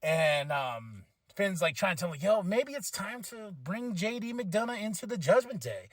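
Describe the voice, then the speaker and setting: A tired-sounding podcast host gives a casual, rambling recap, laughing often as he paraphrases what people said. His high-pitched voice is very animated at normal speed, recorded in clean studio sound with no room echo.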